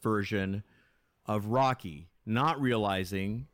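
A man's voice: lowish voice, slow pace, a bit bright, dry recording, studio quality. Chatty man guest on a podcast. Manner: chatty, enthusiastic, with frequent restarts. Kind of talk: casual podcast chat.

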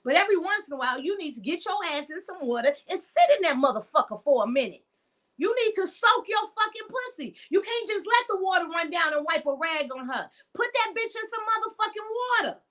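A woman's voice: very high-pitched, big pitch swings, fairly quick, fairly bright tone. A middle-aged woman hosting a podcast as a sex educator, speaking in a blunt, profane, emphatic unscripted monologue.

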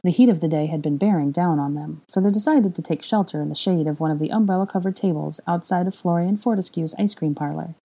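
A woman narrates a fan fiction story aloud in a steady, plain way. Her voice sits low and sounds husky and mellow. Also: fast, few pauses. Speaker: reader.

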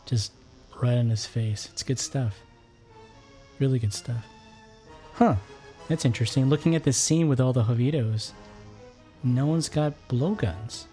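A man's voice: medium pitch, measured pace, long pauses, dark tone, faint music behind. A man co-hosting a casual movie commentary podcast, chatting enthusiastically. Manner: enthusiastic, chatty, many restarts. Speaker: podcast co-host.

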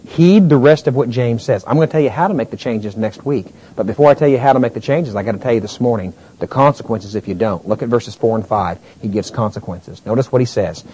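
A male pastor preaching a sermon, climbing to near-shouts and then falling to a low, slow delivery. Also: slight background noise, rough recording.

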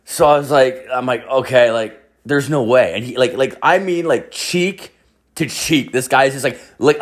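A man in his thirties telling a rambling story, swearing constantly and filling it with "like". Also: medium pitch. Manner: rambling, profane, filler-heavy storytelling. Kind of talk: casual anecdote.

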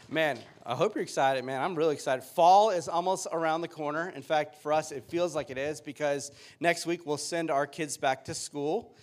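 A man's voice: on the high side, moderate pace. A man in his thirties, a pastor giving a sermon with upbeat, joking storytelling.

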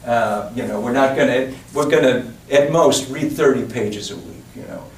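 A man's voice: mid-range voice, normal speed. A man lectures in a rambling, conversational way, breaking off into asides and restarting his sentences. He is heard from some distance in a reverberant room, with a faint hiss underneath. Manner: digressive, chatty, frequent restarts and asides. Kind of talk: public lecture. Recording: roomy echo, distant mic, faint hiss.

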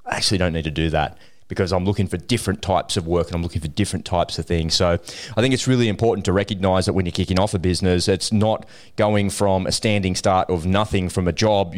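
A man hosting a casual business podcast, chatty and encouraging, telling stories about tradespeople. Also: low-pitched. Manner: chatty storyteller, relaxed and encouraging. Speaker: podcast host.

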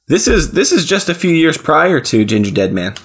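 A man's voice: on the high side, very animated, normal speed, breathy edge. A man co-hosting a podcast, reacting with wry, playful remarks in a casual chat about movies. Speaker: podcast co-host.

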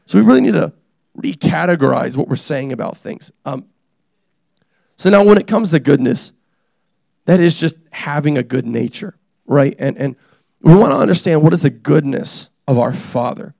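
A young man preaching a casual, energetic sermon, joking and teasing the congregation as he tells stories about his family. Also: on the high side, moderate pace, gravelly, dry recording, clean studio sound. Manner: animated, joking, self-deprecating. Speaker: pastor.

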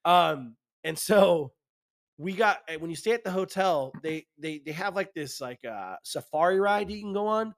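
A man's voice: high-pitched, expressive, normal speed. A man co-hosting a casual podcast, telling rambling, profane stories and laughing often. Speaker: podcast co-host. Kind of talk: casual chat.

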